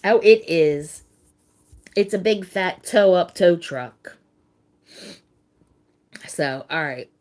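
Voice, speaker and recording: Slow, low-voiced middle-aged woman chatting. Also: animated, a little mellow. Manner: halting, repeats words, emotional. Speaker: livestream host. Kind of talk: casual chat with live viewers.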